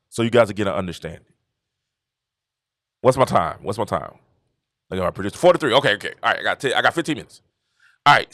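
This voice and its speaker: Animated man hosting a sports talk show. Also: mid-range voice, dry recording, clean studio sound. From Georgia, USA. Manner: animated, repetitive storytelling with laughs. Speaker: show host. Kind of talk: casual commentary livestream.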